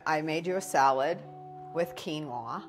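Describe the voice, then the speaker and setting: A woman talking calmly and affectionately in a casual video diary. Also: low-pitched, measured pace, soft background music. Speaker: fiancée.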